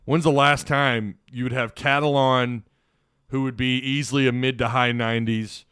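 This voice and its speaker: A man's voice: medium pitch, fairly even intonation, normal speed, a bit bright, clear, resonant tone, dry recording, studio quality. Rambling man hosting live sports talk. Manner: rambling, opinionated, frequent restarts. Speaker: sports podcast host.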